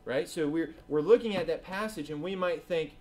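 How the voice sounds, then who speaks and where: A man preaching a sermon as pastor at a church service, earnest and swinging between emphatic and hushed delivery. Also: on the high side, normal speed.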